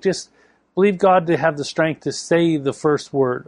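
A man's voice: a little high, moderate pace, no room sound. A man preaching a sermon, telling a story with emphatic delivery. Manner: storytelling with acted quotes, emphatic.

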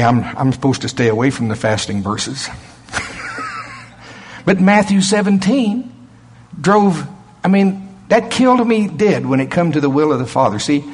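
Husky, animated preacher man. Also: medium pitch. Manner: animated, emphatic, chuckles often. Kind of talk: sermon.

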